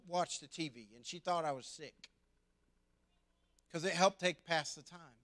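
A male pastor delivers a sermon in an earnest, personal way. His fairly high voice rises to loud emphasis, then drops to hushed, soft endings. He keeps a steady, caring tone throughout. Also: a little slow, long pauses.

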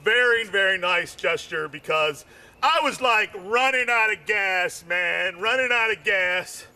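A man's voice: high voice, a little slow, bright, forceful tone. A man doing comedy, telling a long rambling story full of fillers and repeated words.

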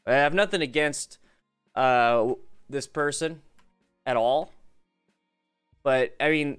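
Male live-stream host, mid pitch, smooth resonant tone, chatty advice-giver. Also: expressive, fairly quick, fairly bright tone, faint music behind. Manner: chatty, reads viewer questions and gives riding advice; upbeat, hypes the chat for likes. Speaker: live-stream host reviewing motorcycle videos. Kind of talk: casual live-stream commentary.

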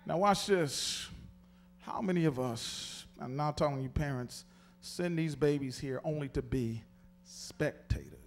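A man preaching an animated sermon and calling on the congregation to read along. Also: a little high, unhurried, slight background noise. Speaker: pastor.

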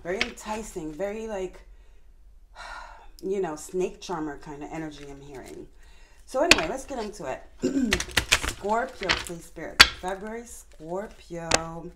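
A woman giving a tarot reading to viewers, talking fast and passionately and calling on Spirit. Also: lowish voice, expressive, very noisy. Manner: addresses viewers directly, calls on Spirit. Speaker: tarot reader.

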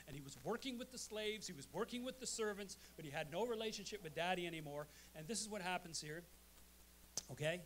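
Pastor guy preaching in church, kinda high voice, punchy, keeps asking amen. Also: animated, a little fast, fairly bright tone, slight background noise. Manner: emphatic, calls out "amen?" to the congregation. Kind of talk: sermon. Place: church sanctuary.

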